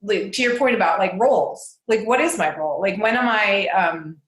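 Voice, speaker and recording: A woman's voice: mid-range voice, animated, moderate pace. A woman in her forties, a guest on a casual interview show, talking hesitantly with many fillers and laughing often. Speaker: podcast guest. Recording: roomy echo.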